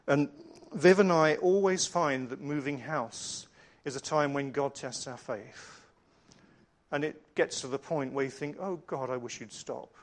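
A middle-aged man preaching a sermon with slides, earnest and conversational as he tells stories. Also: medium pitch.

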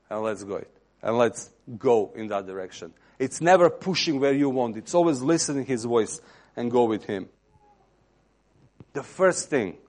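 Impassioned preacher man. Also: medium pitch. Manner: impassioned, swells louder on key phrases then drops to near-whisper. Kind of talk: sermon.

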